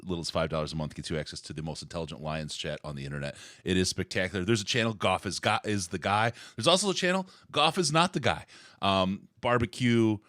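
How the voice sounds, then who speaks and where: Low-voiced jokey podcast host. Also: male voice, fairly bright tone, dry recording, clean studio sound. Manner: jokey, upbeat, plugs the show. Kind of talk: casual sports chat.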